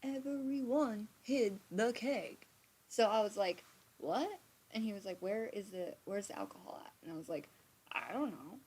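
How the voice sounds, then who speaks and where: Animated woman telling a casual live storytime. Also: medium pitch, normal speed, breathy edge. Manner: animated, swearing, acts out quotes. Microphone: streaming from a computer.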